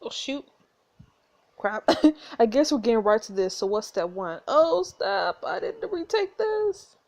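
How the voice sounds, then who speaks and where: A woman hosting a gaming video, reading a story game aloud and reacting in an excitable, giggly, gushing way. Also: fairly high pitch, unhurried.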